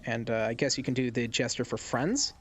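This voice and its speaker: A man's voice: medium pitch, a little fast, slight background noise. A man running a tabletop game as game master, narrating loosely with fillers.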